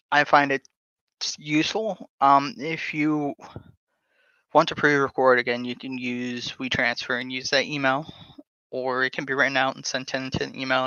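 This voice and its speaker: A man hosting a podcast, talking casually and haltingly while reading text aloud from his screen. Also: medium pitch, sharp tone, clear, resonant tone, dry recording. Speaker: podcast host. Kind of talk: casual screen-share talk. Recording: dull lo-fi sound.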